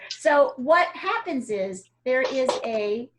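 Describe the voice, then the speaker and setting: A woman from the United States teaching art over a video call. She talks in a chatty, encouraging way with plenty of fillers, and her voice sits a little high. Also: expressive, takes it slowly, noisy background.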